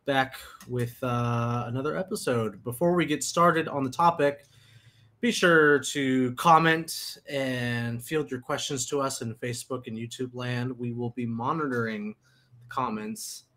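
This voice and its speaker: A man hosting a relaxed talk show, with a mid-range voice. He speaks loosely and jokes as he steers the conversation along. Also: mid-range voice, measured pace. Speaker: podcast host. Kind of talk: casual chat.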